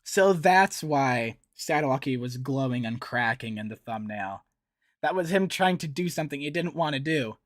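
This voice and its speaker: A man talking through a cartoon episode in a casual, chatty way, getting excited and laughing at moments. His voice sits at a middle pitch and sounds close and dry, with no room behind it. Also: normal speed, no room sound. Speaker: reaction video host. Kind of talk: casual reaction commentary.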